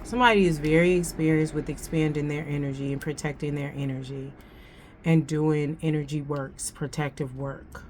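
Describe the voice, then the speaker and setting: A woman's voice: low voice, steady tone, normal speed, a little mellow, a little hiss or hum. A woman giving a casual tarot reading, thinking aloud in a slangy way and repeating phrases as she goes. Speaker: tarot reader.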